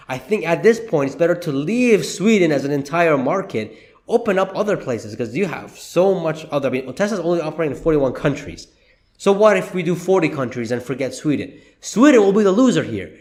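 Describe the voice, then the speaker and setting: A man's voice: sits high, darkish tone. A man giving indignant, worked-up opinion commentary, exclaiming as he talks. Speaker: commentary vlogger.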